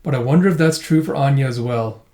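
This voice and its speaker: A man voicing a polite, soft-spoken young woman, reading her thoughts from a comic. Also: mid-range voice, fast, natural voice. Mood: thoughtful. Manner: polite, apologetic.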